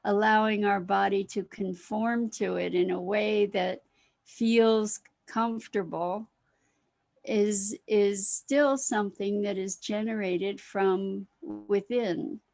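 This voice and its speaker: A woman speaks very slowly and softly, hosting a reflective live talk on comfort. She often pauses and restarts her phrases, and her pitch sits in a middle range. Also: fairly even intonation, creaky. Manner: gentle, unhurried, with many restarts and pauses; warmly greets viewers by name. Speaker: host.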